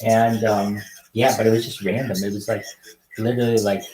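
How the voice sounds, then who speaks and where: A young man hosting a casual livestream, greeting strangers on video chat with loud, excited calls. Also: lowish voice, fairly quick. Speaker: livestream host. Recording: roomy echo.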